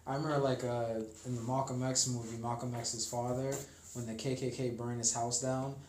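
Quiet laid-back man in an echoey room. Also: medium pitch, level tone, a little fast, a little hiss or hum. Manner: quiet, laid-back, chimes in with short reactions. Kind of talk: casual chat.

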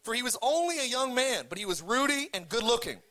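High-voiced, bright-toned joking male pastor. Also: very animated, quick pace. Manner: joking, leads the congregation in call-and-response; reads scripture aloud and retells it casually. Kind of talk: sermon.

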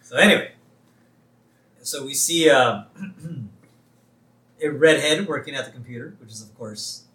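Animated man in an echoey room. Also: medium pitch, unhurried, long pauses, distant mic. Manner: laughs often, animated retelling with put-on quotes. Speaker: podcast co-host. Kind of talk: casual chat recapping a TV episode.

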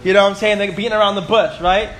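A man's voice: sits high, steady tone, racing, a bit bright, slight background noise. A man in his twenties teaching a Bible class, chatty and full of stories, often asking "right?" and "you know?". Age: 20s.

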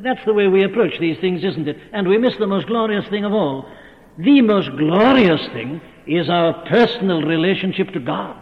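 A man's voice: high-pitched, lively intonation, normal speed, dull audio. A man preaching a sermon in an earnest manner, rising to fervent cries. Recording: phone-thin old sermon tape in a reverberant hall.

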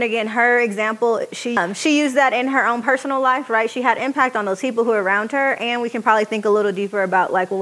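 A woman's voice: fairly high pitch, a bit bright. Woman running a workshop, chatty, throws out lots of questions to the room. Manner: conversational, asks rhetorical questions. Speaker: workshop facilitator. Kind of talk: lecture to an audience.

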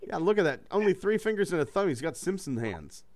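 A man's voice: sits high, sing-song, fast talker, darkish tone. A man reading a choose-your-own-adventure book aloud to friends, with loose, joking and profane asides. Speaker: reader running a gamebook for friends.

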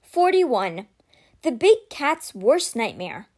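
A woman reading a children's fantasy novel aloud with expressive, dramatic storytelling. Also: high-pitched, slow pace.

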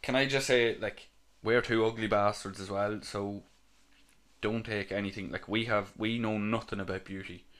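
A man's voice: fairly low pitch, fairly even intonation, normal speed, a bit bright. An Irish man in his thirties co-hosting a podcast, trading crude jokes and laughing often. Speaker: podcast co-host. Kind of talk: casual banter.

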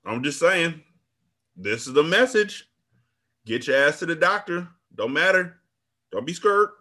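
A man hosting a book club podcast reacts to the story with lively, animated exclamations. His pitch swings widely and he stretches out his reactions. He often repeats himself as he thinks aloud. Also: measured pace. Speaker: podcast host.

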